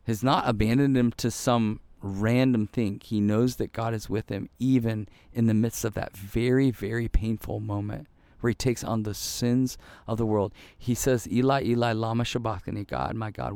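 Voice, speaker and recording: A man preaching a devotional sermon in an earnest way, repeating phrases for emphasis and dropping to a hushed voice when quoting prayer. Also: on the low side, creaky, no echo. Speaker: pastor.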